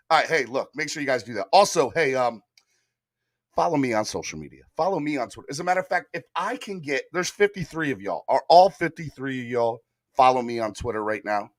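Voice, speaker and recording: A man hosting a sports live stream, talking in a hyped, animated way straight to his viewers. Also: a little high, no room sound, clean studio sound. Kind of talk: casual live-stream chat.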